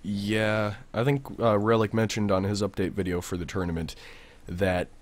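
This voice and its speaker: A man hosting a casual podcast, chatting in a relaxed way that often trails off. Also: fairly low pitch, normal speed, no room sound. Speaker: podcast host.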